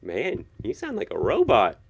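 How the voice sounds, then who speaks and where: A man hosting a video game commentary, excitable, swinging between yelling and pleading and quiet muttering. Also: mid-range voice, moderate pace, vocal fry, slightly rough. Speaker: gaming video host.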